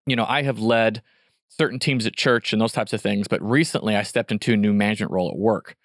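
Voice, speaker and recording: A man hosting a casual chat, upbeat and affirming, talking in an animated way. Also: lowish voice, fast talker, no room sound, clean studio sound.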